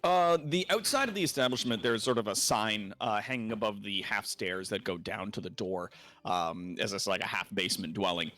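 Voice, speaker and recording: A man narrating as game master of a tabletop role-playing game, describing scenes in a relaxed, descriptive way. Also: on the low side, normal speed, soft background music. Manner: relaxed, descriptive, many fillers.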